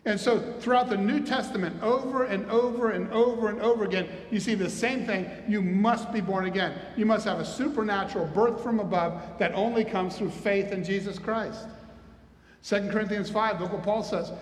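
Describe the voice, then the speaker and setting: A man preaching a sermon as a pastor, animated and asking his listeners questions as he teaches. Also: sits high, moderate pace. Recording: echoey hall, reverberant.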